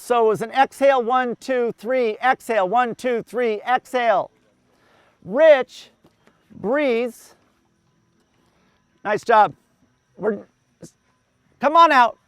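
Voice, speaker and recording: A man's voice: very high voice, fairly bright tone, clean tone, no room sound. A man coaching a group outdoors, explaining running and swimming cadence step by step and counting breaths aloud in rhythm. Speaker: endurance coach.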